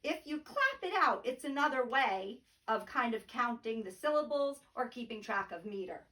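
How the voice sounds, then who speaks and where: A woman's voice: fairly high pitch, very animated, normal speed, sharp tone, distant mic. A woman teacher giving a remote poetry lesson from home, explaining patiently and tapping out rhythms aloud.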